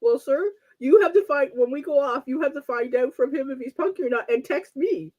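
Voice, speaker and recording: A woman's voice: sits high, animated, a little fast, muffled recording. Blunt, teasing woman talk show host. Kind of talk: casual live-stream chat.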